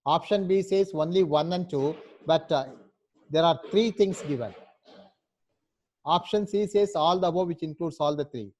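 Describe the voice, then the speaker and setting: High-voiced man teaching an online class. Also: normal speed, a little mellow, highs cut off, slight background noise. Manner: patient, repeats "right?" to check understanding.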